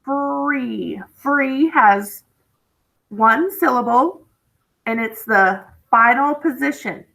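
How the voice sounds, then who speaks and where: A woman with a slightly high, bright voice teaches a spelling lesson, stretching out each word very slowly and patiently so young students can keep up. The recording is rough.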